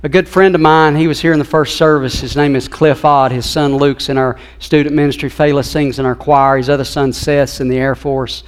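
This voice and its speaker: A man's voice: medium pitch, fairly even intonation, fairly quick, few pauses, clean tone. A man in his fifties preaching a sermon in a church, telling a personal story in an earnest, emotional way. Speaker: pastor. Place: church sanctuary.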